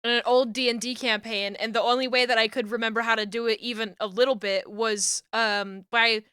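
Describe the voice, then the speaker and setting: A woman's voice: on the high side, steady tone, fairly quick, pushed and bright, clear, resonant tone, dry recording, studio quality. A woman streamer chatting casually while she works, laughing often and swearing lightly. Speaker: streamer and 3D rigger. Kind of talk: casual live-stream chat while working.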